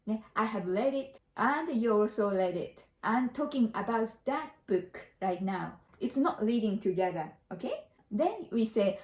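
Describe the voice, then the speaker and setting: A Japanese woman gives a casual lesson in English, her voice sitting a little high and moving a lot between notes. She repeats short example phrases and keeps slipping in little Japanese fillers. The room has a clear echo. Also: animated, measured pace, a little mellow. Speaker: Japanese teacher.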